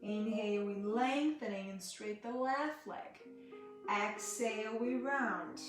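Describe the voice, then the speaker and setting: A woman with guides a gentle yoga class in an unhurried, high-ish voice, mixing breathing cues with friendly asides. She sits back from the mic in a very echoey room. Guitar music plays clearly underneath. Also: distant mic. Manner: soft, slow cueing with chatty asides to viewers. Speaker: yoga teacher.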